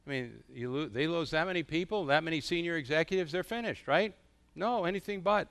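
Smooth-voiced middle-aged male preacher. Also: fairly high pitch, a little fast. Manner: animated storytelling with rhetorical questions. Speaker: pastor. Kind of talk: sermon.

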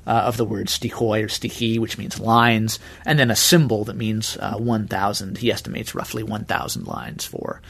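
A man, an archivist, explaining in an interview with a careful, measured manner. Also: lowish voice, fairly even intonation, vocal fry, fairly bright tone.

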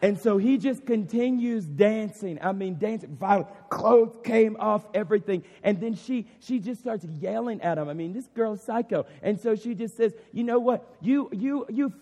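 A man's voice: high-pitched, normal speed, hardly any pauses, dark tone. A man preaching an impassioned sermon as a pastor, circling back with "I mean" and "literally". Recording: long hall reverb.

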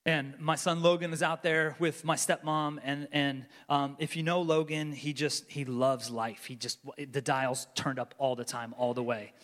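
Pastor preaching with swinging intensity, high-pitched. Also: male voice, little pitch movement, normal speed, few pauses. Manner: swings between loud urgency and hushed near-whispers. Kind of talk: sermon. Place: large church sanctuary. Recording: long reverb of a large church hall.

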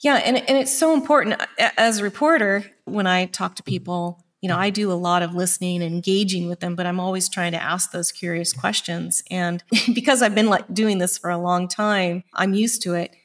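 A woman's voice: lowish voice, fairly even intonation, normal speed, hardly any pauses. A woman reporter hosting an interview, chatty and thinking aloud with lots of fillers. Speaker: podcast host and reporter. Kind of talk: interview conversation.

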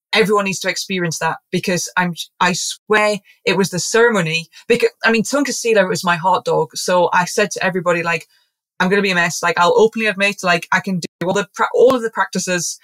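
A woman's voice: on the low side, fairly quick, a bit bright. A woman speaking as a podcast guest, a zoologist and shamanic practitioner, talking in an earnest, rambling way with many restarts. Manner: acts out quoted voices. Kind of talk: casual podcast conversation.

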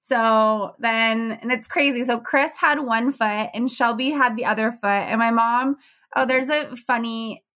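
A woman's voice: on the high side, unhurried. Chatty young woman telling a funny story. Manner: animated, laughing often, acting out quotes. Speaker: podcast host telling her birth story. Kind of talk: casual storytelling chat. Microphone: podcast mic.

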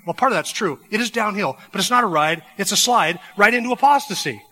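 A man's voice: sits high, expressive, quick pace, sharp tone, in a large hall, poor audio. A man preaching a sermon from the pulpit, fervent, with rising emphatic phrases. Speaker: pastor. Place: church sanctuary.

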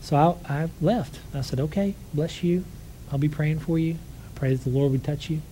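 A man's voice: a little high, moderate pace, dark tone, a little hiss or hum, low-quality recording. A man preaching to a congregation, telling a personal story in a conversational way and closing in prayer. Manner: conversational storytelling, acts out quoted voices.

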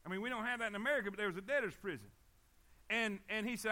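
High, bright preacher. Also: male voice, very fast. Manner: emphatic, repetitive, calls for amens. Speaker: pastor. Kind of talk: sermon.

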